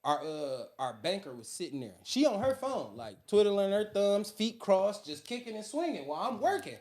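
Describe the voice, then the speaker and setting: A man with a Detroit accent telling a story on a casual podcast, animated and acting out the people in it. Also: sits high, normal speed. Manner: animated, acts out quoted voices loudly. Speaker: podcast co-host. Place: podcast studio.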